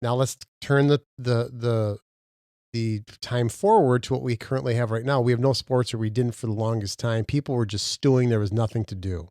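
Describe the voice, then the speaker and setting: A man from Minnesota holds forth on a casual podcast, rambling from one story to the next and boasting as he goes. His voice sits at an ordinary pitch, and the recording is close and dry, with no room sound. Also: steady tone, normal speed, a little mellow, no room sound. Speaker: podcast co-host.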